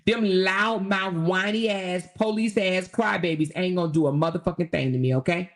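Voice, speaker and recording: A woman with a fairly low voice and a steady tone hosts a livestream at a moderate pace. She rants in a heated, profane, confrontational way, asking again and again whether you hear her.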